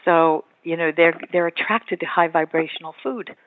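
A woman's voice: lowish voice, normal speed, dry recording. A woman author, a guest on the show, talking about spiritual matters in an earnest way. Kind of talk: casual conversation. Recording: tinny phone-line sound.

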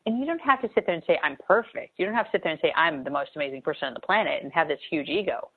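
Woman, motivational coach, earnest and emphatic, lowish pitch, tinny phone-like recording. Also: very fast, slightly rough. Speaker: spiritual coach. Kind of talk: motivational talk on manifesting.

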